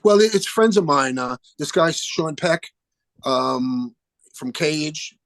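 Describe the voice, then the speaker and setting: An older man, a guest musician chatting in an interview, animated and acting out the people he quotes. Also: on the high side, slow, dry recording. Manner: animated storyteller, acts out phone calls in quoted voices. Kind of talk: casual interview chat.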